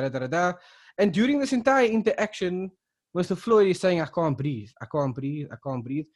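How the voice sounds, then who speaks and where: A man from South Africa co-hosting a casual podcast, retelling events with lots of restarts and fillers. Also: fairly high pitch. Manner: rambling, many restarts and fillers. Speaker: podcast co-host.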